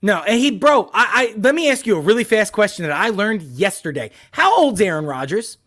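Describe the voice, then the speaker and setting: A man's voice: sits high, big pitch swings, fairly quick, a bit bright. A man co-hosting a sports podcast, ranting in heated casual talk full of profanity and hard emphasis.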